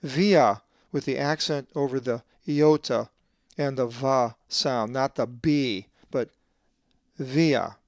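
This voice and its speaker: A man who translates the Bible, giving a scripted lesson on Greek pronunciation and slowly drawing out each example word. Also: medium pitch, steady tone, no room sound, clean studio sound. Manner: methodical, drawn-out slow stress on Greek words.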